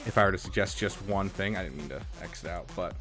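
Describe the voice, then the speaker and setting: A man's voice: sits low, quick pace, fairly bright tone, faint music behind. A man casually commenting on a live stream, thinking aloud with frequent fillers. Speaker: streamer reviewing game accounts.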